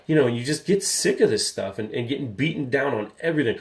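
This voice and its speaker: A man's voice: mid-range voice, lively intonation, fast, few pauses. A man in his thirties, a comic book collector hosting a casual vlog, talking candidly in a rambling way and getting riled up. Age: 30s.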